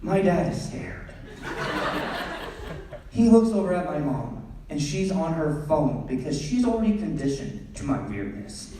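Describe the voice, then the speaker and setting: A young man doing storytelling stand-up on a theatre stage, animated and acting out scenes. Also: on the high side, unhurried, background noise. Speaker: stand-up comedian. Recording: echoey theatre from far off.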